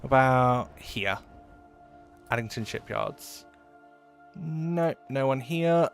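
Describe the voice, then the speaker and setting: A man's voice: mid-range voice, animated, extremely slow, gravelly, faint music behind. A man chatting casually while live-streaming a game, rambling and swearing freely.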